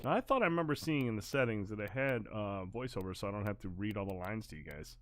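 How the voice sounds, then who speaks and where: A man's voice: fairly low pitch, lively intonation, fast talker, noisy background. A man chatting casually and reading game lines aloud as he streams a video game, swearing now and then. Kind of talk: casual live-stream commentary. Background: game music.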